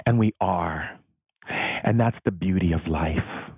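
A man's voice: sits low, slow, gravelly, darkish tone, breathy edge, dry recording. A man hosting a podcast, giving an effusive, affectionate spiritual monologue. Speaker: podcast host.

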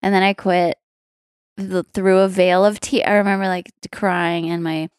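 A woman with a slightly low voice tells a story in a casual interview. She laughs often and acts out little bits of dialogue. The sound is dry and close. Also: little pitch movement, moderate pace, clear, resonant tone, no echo. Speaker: guest musician.

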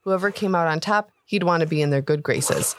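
A woman hosting a tabletop game podcast, giving a steady, expressive story narration. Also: low voice, fairly quick, no echo. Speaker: podcast host and story reader. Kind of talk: read-aloud story narration.

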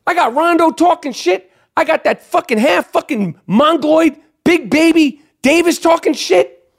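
Putting on a heavily acted performance, a man plays a cranky basketball star point guard grumbling profanely about a teammate. He talks at normal speed with lively intonation, vocal fry and a raised, exasperated pitch.

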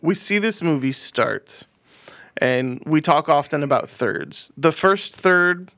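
A man's voice: fairly high pitch, slow pace, no echo. A man co-hosting a podcast, chatting casually and profanely about movies, acting out scenes as he talks. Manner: animated, profane, acts out scenes. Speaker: podcast co-host.

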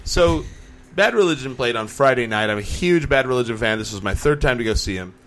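Young guy on a podcast, animated storyteller, does the voices of other people, normal pitch. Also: a little fast, a little hiss or hum. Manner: animated storyteller, acts out quotes. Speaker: podcast host. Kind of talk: casual chat.

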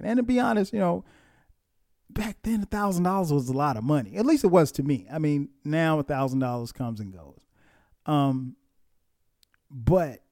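Mellow-voiced man telling a story. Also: mid-range voice, dry recording, clean studio sound. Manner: relaxed, reminiscing, self-mocking, chuckles often. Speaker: podcast host. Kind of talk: casual storytelling podcast.

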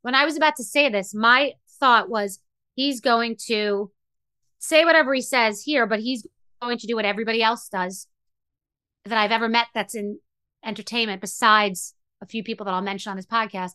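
A middle-aged woman hosts a podcast in a candid, emotional monologue, rambling and restarting as she goes. Her voice is bright and forceful, sitting slightly high. The recording is dry and close. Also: normal speed, clean tone, dry recording. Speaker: podcast host.

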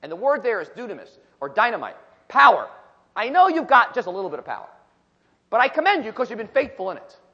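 A man preaching a sermon, explaining history and then reading scripture aloud with emphatic, slowed phrasing. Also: sits high, big pitch swings, bright, forceful tone, long reverb tail, dull audio. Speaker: pastor. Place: church sanctuary.

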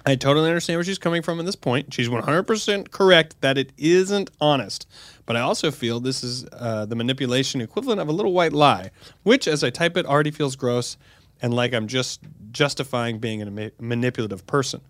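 A man's voice: medium pitch, a little fast, a bit bright, no room sound. A man co-hosting a comedic advice podcast, reading a listener's letter aloud and then joking animatedly with his co-host.

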